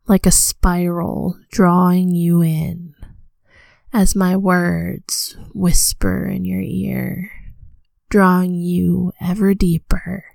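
A woman voicing a commanding female vampire in a slow, breathy whispered role-play. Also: lowish voice, a little mellow, no echo, exaggerated voice. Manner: slow hypnotic countdown, commanding.

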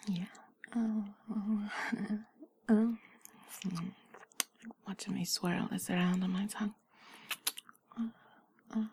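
A young woman murmurs a whispered role-play right up against the microphone, her voice almost pure breath and husky at the edges. She takes her time, drawing each phrase out slowly. Her tone stays teasing and intimate throughout, with soft hums and giggles. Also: medium pitch, dry recording. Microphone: close-up microphone.

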